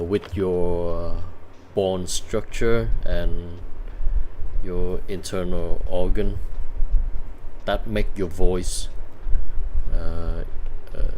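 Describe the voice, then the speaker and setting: A man with a Vietnamese accent whose first language is Vietnamese, chatting casually with viewers while painting and speaking haltingly with many filler sounds. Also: low voice, a little mellow, a little hiss or hum. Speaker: digital painting streamer.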